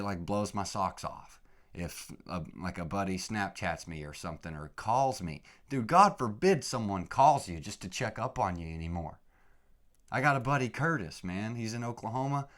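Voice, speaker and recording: A young man hosts his own podcast alone, in loose casual talk that sounds recorded at home. His voice sits on the low side but swings a long way. It sinks to quiet grumbling, then jumps up into loud, excited yelling. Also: normal speed. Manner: animated, swings from low mutters to shouting; casual, swears lightly, says "dude" and "man". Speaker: podcast host. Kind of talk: solo podcast rant.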